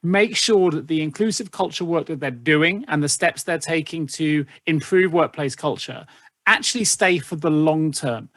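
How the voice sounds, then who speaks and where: A man's voice: fairly high pitch, moderate pace, a bit bright, no echo, studio quality. A man hosting a podcast, asking long, thoughtful questions with fillers. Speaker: podcast host.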